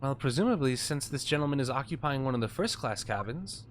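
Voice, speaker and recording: A man's voice: medium pitch, natural voice. A man reading a polite young woman assistant. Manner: polite and measured. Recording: steady background noise.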